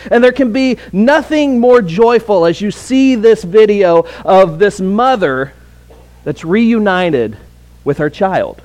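A man with a notably high voice preaching to his congregation. He speaks earnestly, circling back on words as he restarts his phrases. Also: animated, a little mellow. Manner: earnest, halting with repeated words. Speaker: pastor. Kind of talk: sermon.

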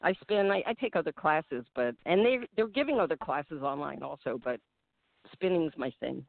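A woman's voice: low-pitched, lively intonation, normal speed, gravelly, no echo. Caller, woman, upbeat, laughs a lot, phone-line sound, dry. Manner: bubbly, laughs often. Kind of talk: casual phone chat.

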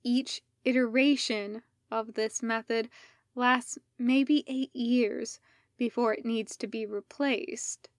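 A woman voicing a weary male Jedi leader, speaking in a quiet, strained, measured way. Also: a little high, fairly even intonation, no echo, studio quality. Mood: grave.

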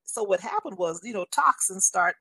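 A woman's voice: medium pitch, lively intonation, normal speed, pushed and bright. A woman in her sixties telling a personal faith testimony in an earnest, storytelling way, often passing on what others told her. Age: 60s. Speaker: guest sharing a testimony.

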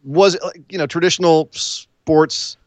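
A man's voice: on the high side, steady tone, measured pace, no echo. A man hosting a casual chat, recapping events in a rambling, wry way. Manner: rambling, wry, throws in silly voices. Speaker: podcast host.

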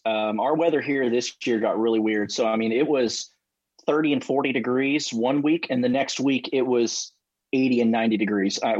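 A man with a Texas accent chatting on a podcast, laid-back and dry. His voice is a little husky. The recording is dry and somewhat dull. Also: mid-range voice, darkish tone, no echo. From southern United States. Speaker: podcast co-host. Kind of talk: casual podcast chat. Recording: dry, slightly husky, muffled line.

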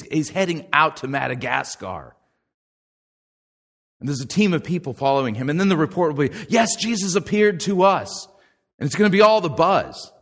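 Animated male preacher in a reverberant hall. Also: medium pitch. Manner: animated, swings from quiet asides to loud emphatic quotes; conversational, folksy phrasing. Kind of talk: sermon.

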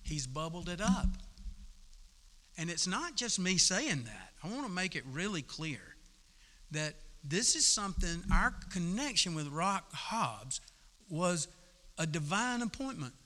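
A man preaching to his congregation in a relaxed, folksy sermon, his voice bright and somewhat high for a man. He talks like he's chatting with friends, tossing in casual asides. The sound carries with a long echo through a church hall. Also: unhurried. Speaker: pastor. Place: church sanctuary.

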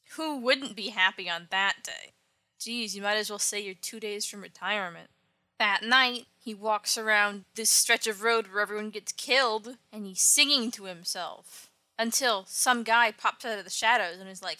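A woman's voice: medium pitch, normal speed, sharp tone, dry recording. A woman casually retelling an old comic book story, with wry offhand asides. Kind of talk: casual comic recap narration.

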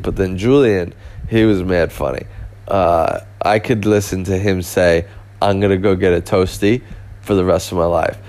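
A man's voice: deep voice, gravelly, a little mellow. A young man hosting a podcast, telling travel stories in a casual, rambling way full of fillers and restarts. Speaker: podcast host.

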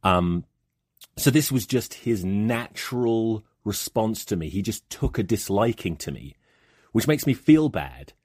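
Man, low husky voice, lively ups and downs, dry close sound, profane comic monologue. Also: unhurried, dry recording. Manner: profane, rambling storytelling. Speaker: podcast host.

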